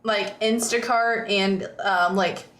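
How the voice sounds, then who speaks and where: A woman's voice: medium pitch, steady tone, slow, fairly bright tone, echoey room. A woman streamer in casual chat with viewers, rambling and reading chat aloud.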